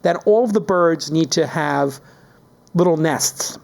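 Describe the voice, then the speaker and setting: A man hosting a podcast in casual chat, animated and joking, ranting with mock outrage. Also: on the high side, unhurried, creaky. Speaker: podcast host.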